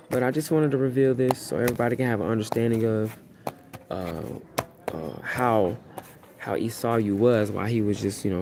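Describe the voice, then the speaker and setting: Male street preacher, rambling and repetitive, mellow voice, phone mic on a plane, faint hum. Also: mid-range voice. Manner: repetitive, keeps asking "you see what I'm saying". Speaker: self-styled high priest preaching online. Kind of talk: rambling live-streamed preaching. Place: airplane cabin.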